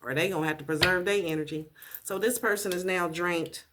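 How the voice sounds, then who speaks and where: A woman's voice: lowish voice, fairly even intonation, a little fast, a bit bright, slight background noise. A woman giving a casual tarot reading, blunt and profane, repeating her points for emphasis. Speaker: tarot reader.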